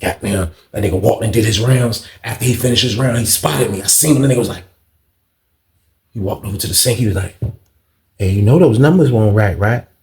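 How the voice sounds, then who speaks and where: Man, gravelly voice, casual storytime, profane, echoey room. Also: fairly low pitch, a little fast. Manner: animated, profane, acts out other people's lines. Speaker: storyteller, channel host.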